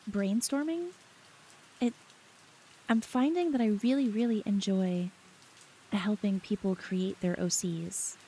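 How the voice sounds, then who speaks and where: Young woman streamer, soft mellow voice, giggly late-night chat, faint hiss and rain behind. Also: mid-range voice, poor audio.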